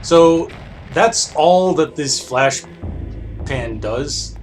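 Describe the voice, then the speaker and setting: A man's voice: a little high, expressive, drawn-out words. A man hosting a let's play, reading game text aloud and making wry, joking asides. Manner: wry, joking asides between read-outs. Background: game music.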